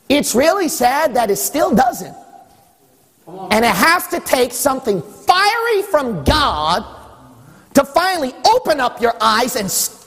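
High-voiced, husky male preacher. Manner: emphatic preaching with repetition and rising shouts. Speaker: pastor. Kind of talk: sermon. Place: church. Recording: long hall reverb.

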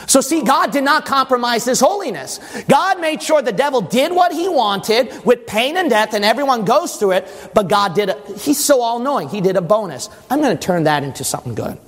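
High-voiced preacher in a reverberant hall. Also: male voice, lively intonation, moderate pace, few pauses, a bit bright. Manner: emphatic, asks the congregation questions. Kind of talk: sermon. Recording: long church reverb.

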